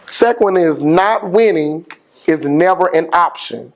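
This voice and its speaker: A middle-aged man, a school principal giving an energetic motivational speech with call-and-response and slangy phrasing. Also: high-pitched, unhurried, creaky. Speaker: high school principal, guest speaker.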